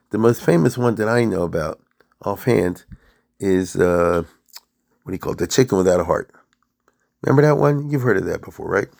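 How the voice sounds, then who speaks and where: Man lecturer, low gravelly voice, casual and rambling, checks in with the audience. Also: a little mellow. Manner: chatty and digressive, asks listeners rhetorical questions. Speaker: lecturer on Jewish history. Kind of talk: informal spoken lecture.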